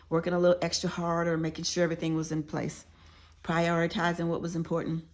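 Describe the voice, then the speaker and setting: Emphatic lower-voiced woman telling stories. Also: flat delivery, fast talker. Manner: emphatic, talks straight to listeners. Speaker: author sharing workplace advice. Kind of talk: conversational storytelling audiobook.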